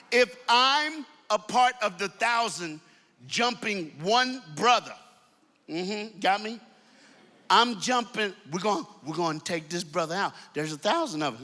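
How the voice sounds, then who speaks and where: A man speaks to a large audience in high, bright tones, telling his story with animated call-and-response. His voice carries a long reverb, as in a big hall. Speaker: youth speaker. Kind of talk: energetic preaching to a crowd.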